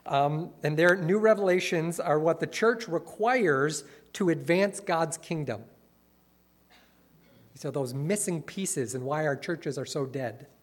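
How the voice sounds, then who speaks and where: Man, earnest lecturer, mid-high voice, wry asides. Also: a little slow. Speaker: speaker critiquing a church movement. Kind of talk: lecture-style talk, reading quotes.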